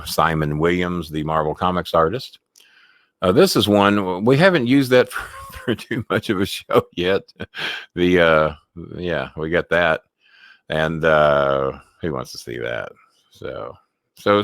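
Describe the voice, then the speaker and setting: A man's voice: low voice, fairly bright tone, no echo, clean studio sound. A man hosting a casual live sports talk stream from home, chatty and rambling, swearing loosely.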